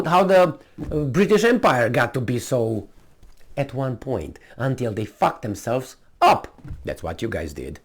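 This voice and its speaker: A man giving indignant, mocking opinion commentary as a vlogger. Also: mid-range voice.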